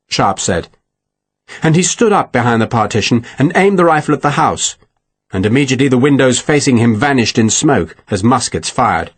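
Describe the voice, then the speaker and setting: A man narrating an audiobook with expressive, dramatic reading. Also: mid-range voice, a little fast, slightly rough.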